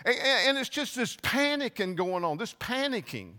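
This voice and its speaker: Guy preaching in a church, bright voice, long echo, acts out the story, lots of restarts. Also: very high-pitched. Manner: animated storytelling, acting out scripture voices, halting restarts. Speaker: pastor. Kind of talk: sermon.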